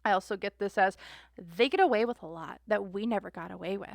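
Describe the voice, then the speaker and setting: A woman's voice: medium pitch, brisk, vocal fry, no echo, clean studio sound. A young woman, reading tarot cards casually to camera and acting out imagined quotes with casual swearing. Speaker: tarot reader.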